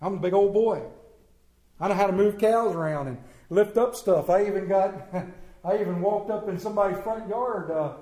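A man's voice: sits high, normal speed, warm tone. A man preaching a sermon in a church, emphatic and plain-spoken, with rhetorical questions, repeated phrases and folksy asides. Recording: echoey room.

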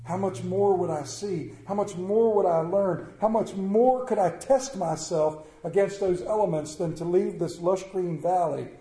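A man's voice: high voice, a little slow, hardly any pauses, mellow. A man voicing a wary young youth who speaks firmly in a storytelling talk. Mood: wondering. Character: young male Native youth, wary and firm. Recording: roomy echo.

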